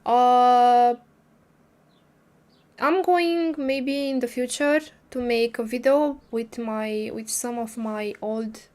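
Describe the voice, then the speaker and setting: A woman's voice: fairly high pitch, steady tone, slow pace, a little mellow. A woman hosting a casual livestream, talking hesitantly with many fillers and restarts while recovering from a cold. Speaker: livestream host. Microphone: streaming microphone.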